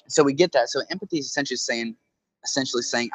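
A man's voice: medium pitch, very fast, slightly rough, poor audio. A man in a casual conversation who talks into a handheld phone, explaining earnestly through analogies and often checking in with "right?".

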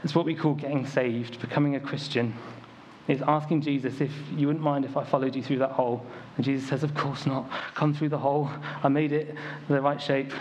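A young British man with a slightly high, somewhat mellow voice preaches to a church congregation. He keeps it conversational and story-based, using plenty of "um" and "like." Faint ambient noise accompanies the dull, lo-fi recording.

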